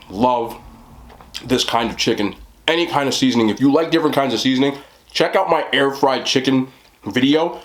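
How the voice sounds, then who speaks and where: A young man chatting casually to camera as a mukbang vlogger, laid-back and talking between bites with his mouth full. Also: mid-range voice. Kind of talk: casual talk to camera while eating.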